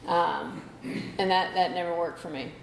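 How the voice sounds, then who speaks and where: Candid low-voiced woman telling her story. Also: steady tone, a little slow, gravelly, a little hiss or hum. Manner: candid, conversational, many "you know" fillers. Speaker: speaker sharing at a recovery meeting. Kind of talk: personal testimony talk. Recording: echoey room recording.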